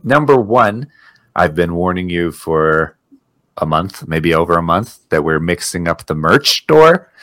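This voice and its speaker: A man's voice: low-pitched, big pitch swings, measured pace, a bit bright, no room sound. A man co-hosting a podcast, chatting casually and joking, laughing often. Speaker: podcast co-host. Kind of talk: casual chat.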